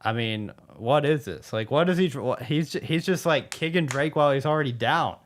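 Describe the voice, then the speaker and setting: A man's voice: mid-range voice, a little fast, a little hiss or hum. A man co-hosting a casual reaction chat, rambling and thinking aloud as he works through ideas. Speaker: co-host and editor of a reaction show.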